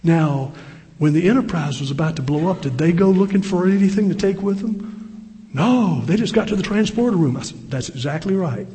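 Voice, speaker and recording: Older guy preaching, folksy storyteller, kinda high voice, lots of hall echo. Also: normal speed, dark tone. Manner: folksy storytelling with restarts and asides. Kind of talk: sermon. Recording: long reverb in a large hall.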